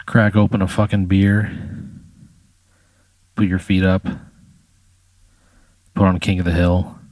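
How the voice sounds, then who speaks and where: Guy rambling through a made-up story, lots of "like" and cussing, lowish voice, dry mic. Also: level tone, takes it slowly, a little mellow, no room sound. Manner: casual, swears often, filler "like" and "you know". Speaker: podcast storyteller. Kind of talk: improvised hypothetical storytelling.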